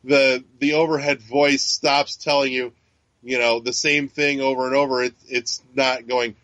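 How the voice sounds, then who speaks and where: A man co-hosting a podcast rambles casually and swears, frequently restarting and leaning on fillers. His medium-pitched voice is bright and forceful, with fairly even intonation and an unhurried pace. The recording is dry but dull and lo-fi.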